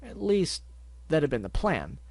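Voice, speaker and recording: A man's voice: a little high, very animated, a little slow, darkish tone, no echo. A man reading fan fiction aloud as narrator, with wry asides and stumbling restarts. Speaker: story reader.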